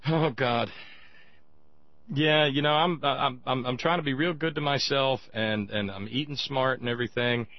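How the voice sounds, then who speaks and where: A man's voice: medium pitch, moderate pace, no room sound. A man hosting a radio talk show, chatting wryly and rambling with stammered restarts while reading an ad and taking calls. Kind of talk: casual radio talk with live ad read. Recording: muffled lo-fi radio broadcast.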